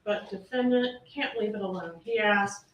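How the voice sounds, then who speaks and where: A woman's voice: medium pitch, moderate pace, lo-fi sound. A woman prosecutor delivering a closing argument to a jury, pressing her points with rhetorical questions. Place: courtroom. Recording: roomy courtroom audio from a distance, faint hiss.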